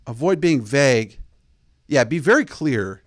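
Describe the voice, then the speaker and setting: A man's voice: lively intonation, measured pace, no echo, clean studio sound. Blunt man lecturing on dating rules. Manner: blunt, bossy, mocks texts in a high put-on voice. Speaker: host. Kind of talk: casual advice monologue.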